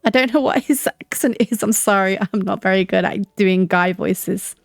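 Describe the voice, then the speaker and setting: A young woman reading a visual novel aloud, calm and steady, with self-deprecating asides. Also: medium pitch, normal speed, creaky, dry recording, clean studio sound.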